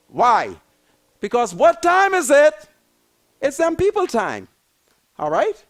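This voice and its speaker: A man's voice: very high voice, wildly swooping pitch, takes it slowly, pauses often. An older man with a Bahamian accent, delivering a fiery, emphatic political rant as a commentator and repeating his points with preachy force.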